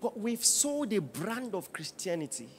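A man preaching a sermon as pastor, firing rhetorical questions at the congregation and building to shouts. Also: sits high, normal speed, a little hiss or hum. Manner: animated preaching with rising shouts and bursts of laughter.

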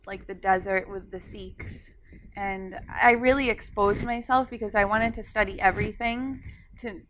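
A woman's voice: mid-range voice, fairly even intonation, normal speed, a bit bright, slight background noise. Chatty woman telling her own story. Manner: chatty, laughs often, many fillers. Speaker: guest author. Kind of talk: personal storytelling in an interview.

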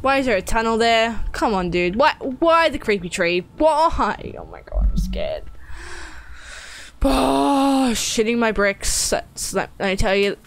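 A young woman playing a scary game and talking to her viewers. Her voice is high and swings widely, and she drags her words out slowly, breaking into nervous laughs and shrieks. A faint hiss of noise sits under her voice. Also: sing-song, vocal fry. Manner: jumpy and swearing, laughing nervously, shrieking when startled. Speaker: gaming streamer. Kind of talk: horror game let's play commentary.

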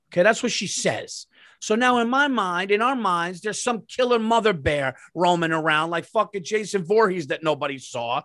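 A man's voice: sits high, lively intonation, normal speed, a bit bright, no echo, clean studio sound. A man hosting a podcast, telling a comedic story with profanity and acted-out quotes. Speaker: podcast host.

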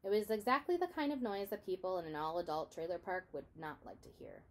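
Woman reading a children's book aloud with animated expression. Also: on the low side, fast talker. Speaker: reader.

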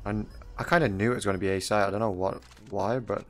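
Faint music underlies the fast, fairly even-toned talk of a young man with a lowish voice. A mobile gaming YouTuber, he jokes casually through his own mobile shooter gameplay, chatting away and frequently laughing at teammates and opponents.

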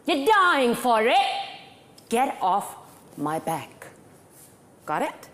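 Snippy defiant young woman, a woman acting her out, lively high voice, faint hiss. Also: very slow, exaggerated voice.

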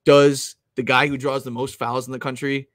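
A young man hosting a live stream about sports bets, talking casually and loudly at times, rambling with lots of "like"s and restarts close to his mic. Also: mid-range voice, moderate pace, no echo. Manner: rambling, filler-heavy, restarts with "like"; animated, loud at times. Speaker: sports betting host.

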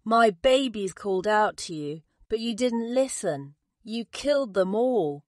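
A woman voicing a grieving, angry mother bird who talks high and slow, pleading and indignant. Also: expressive, no echo, clean studio sound, close to an everyday voice. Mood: determined.

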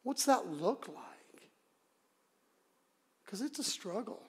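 A man's voice: high-pitched, big pitch swings, slow. Man preaching in a reverberant church. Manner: conversational, dramatic preaching with sudden loud emphasis. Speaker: pastor. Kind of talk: sermon. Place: church sanctuary.

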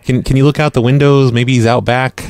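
A man hosting a live radio show and making prank phone calls, speaking deadpan and often stumbling over his words. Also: medium pitch, a little fast, smooth. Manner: deadpan, stammers and repeats words. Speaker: prank-call radio host.

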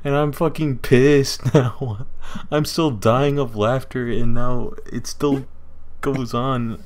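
A man's voice: mid-range voice, steady tone, unhurried, a little mellow. A young man telling a story in casual chat, rambling, swearing and laughing as he goes. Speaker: podcast co-host.

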